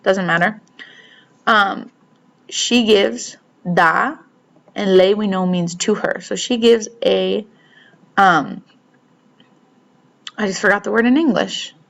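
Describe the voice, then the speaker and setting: A woman's voice: medium pitch, slow, gravelly, pauses often. Chatty woman teaching a vocab lesson. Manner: relaxed and chatty, explains step by step with frequent "okay?". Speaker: Spanish teacher. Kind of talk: casual recorded vocabulary lesson.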